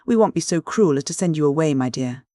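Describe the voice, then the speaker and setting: Man doing a sly menacing old thief, wheedling, mock-affectionate, high-pitched, dry close audiobook read. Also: expressive, quick pace, mellow, no room sound, natural voice. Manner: cajoling, mock-affectionate, chuckling. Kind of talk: audiobook character voice.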